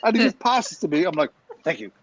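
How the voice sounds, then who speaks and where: A man, co-hosting a podcast, tells a funny story in a casual, animated way and laughs as he goes. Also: high-pitched, quick pace, a little hiss or hum, poor audio. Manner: animated, laughs through his story, acts out quotes.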